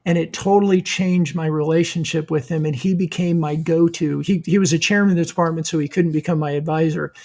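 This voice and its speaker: A man co-hosting a podcast, with a gravelly, fry-edged voice set a little high. He tells a personal story in a thoughtful, reflective way. His tone is casual and conversational. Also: steady tone, brisk, few pauses, darkish tone. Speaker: podcast co-host.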